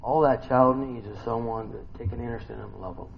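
A man delivers a relaxed sermon at a middle pitch, constantly turning to his listeners with questions. His voice drops to near-murmurs and then rises into loud bursts. The recording is slightly muffled, with a faint hiss behind him. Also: fast talker, gravelly. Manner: conversational, asks the listeners many questions. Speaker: preacher. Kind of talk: informal sermon to a small group.

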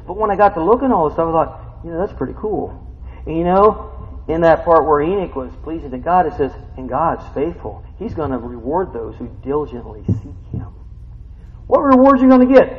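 Lively conversational preacher in a reverberant hall. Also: male voice, on the high side, normal speed, long pauses. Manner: conversational, storytelling, rhetorical questions. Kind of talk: sermon. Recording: muffled sound with long hall reverb.

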